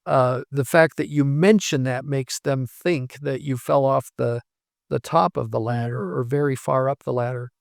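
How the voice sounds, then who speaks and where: A male professor speaks in a patient, explanatory way, building his points from everyday examples. His voice has a gravelly edge and sits at an ordinary middle pitch. The recording is dry, with little room sound around him. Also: fairly even intonation, normal speed, no echo. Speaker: language professor as guest. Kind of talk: explanatory interview talk.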